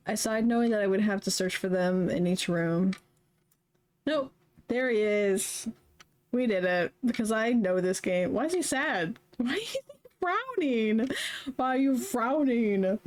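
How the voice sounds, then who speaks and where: A young woman streamer reading a story game aloud, chatty and quick to laugh between lines. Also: mid-range voice, a little mellow. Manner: chatty, laughs often, reads narration then comments. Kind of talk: reading a visual novel aloud with commentary.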